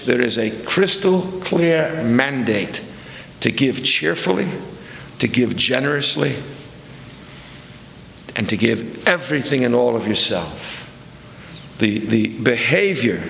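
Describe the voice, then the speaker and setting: A man's voice: medium pitch, vocal fry, a bit bright, a little hiss or hum. A man preaching a sermon as pastor, telling stories in a conversational, digressive way that corrects itself as he goes. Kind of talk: sermon with storytelling. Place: church sanctuary. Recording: roomy hall with long reverb.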